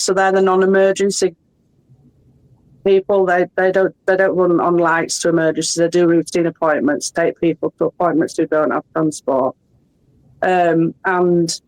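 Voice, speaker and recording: A woman's voice: lowish voice, a little mellow, poor audio. A middle-aged woman with a Yorkshire English accent, a guest in an interview, explaining things in a chatty, friendly way. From Yorkshire, England. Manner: explanatory, chatty, laughs often. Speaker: guest, ambulance worker. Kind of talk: casual interview chat.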